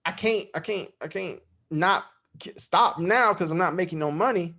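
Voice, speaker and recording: Male podcast guest, raspy edge, rambling storyteller. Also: high-pitched, normal speed, pushed and bright. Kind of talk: casual interview storytelling.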